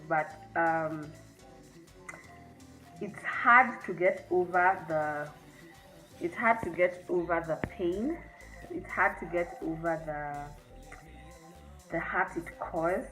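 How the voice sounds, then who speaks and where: A young woman with a Kenyan accent, telling a personal story in a candid, reflective way with halting restarts, growing emotional at times. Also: lowish voice, a bit bright, poor audio. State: emotional, near tears at times. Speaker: vlogger.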